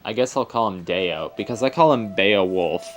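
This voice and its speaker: A man's voice: fairly low pitch, normal speed, noisy background. A young man hosting a let's play, giving casual, rambling commentary and correcting himself as he goes.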